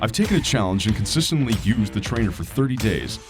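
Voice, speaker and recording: A man reading a scripted product review as a hired voice actor, in a lively, expressive way. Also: lowish voice, quick pace, over music. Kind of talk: scripted narration.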